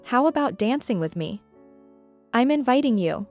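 A woman's voice: fairly high pitch, lively intonation, normal speed, darkish tone, soft background music. A woman reading as a cheerful, pushy rich guy. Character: cheerful pushy rich young man, party host.

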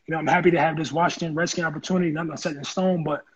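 A man telling his story in an interview, animated and acting out the voices of people he quotes. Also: a little high, very fast, husky, highs cut off. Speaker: interview guest, former football player. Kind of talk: casual storytelling.

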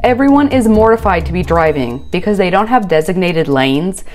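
A woman's voice: lowish voice, expressive, moderate pace, over music. A woman hosting a reaction channel, recapping a reality show with sarcastic, exasperated commentary.

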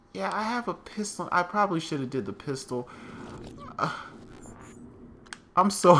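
A man's voice: mid-range voice, bright, forceful tone, slight background noise. A man giving let's play commentary, thinking aloud to his viewers as "guys" and crying out in alarm at what he finds. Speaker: gaming channel host.

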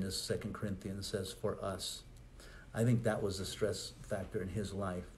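A man's voice: lowish voice, a little mellow. A man, a pastor, preaching a conversational sermon with rhetorical questions and asides.

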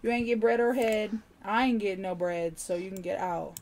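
A young woman streaming a life-sim game, joking loudly and swearing as she narrates her character's schemes. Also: mid-range voice, little pitch movement, normal speed, a little hiss or hum. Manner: loud, profane, jokey, voicing her character's lines. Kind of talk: casual gameplay commentary. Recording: game music playing loudly behind.

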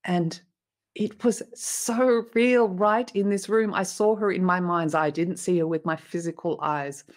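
Earnest female storyteller, lower-pitched, heartfelt, interview guest. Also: fairly even intonation, measured pace. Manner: earnest, emotional retelling with restarts. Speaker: interview guest, motivational speaker.

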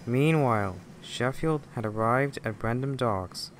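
A man narrating a fan-made train story in a plain, unhurried way. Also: mid-range voice, slight background noise.

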